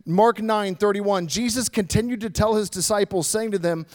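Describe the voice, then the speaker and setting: A male pastor preaching a sermon in a conversational, animated way, reading and explaining scripture. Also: high voice, moderate pace, hardly any pauses.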